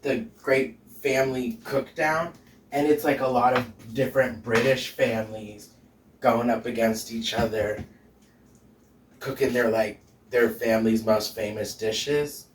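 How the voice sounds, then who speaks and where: Drag queen host, male, mid pitch, sassy and chatty, recorded off-mic in a roomy kitchen. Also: steady tone, measured pace, far from the mic, a little hiss or hum. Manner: chatty, sassy, laughs often. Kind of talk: casual cooking chat. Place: home kitchen. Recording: echoey room, off-mic.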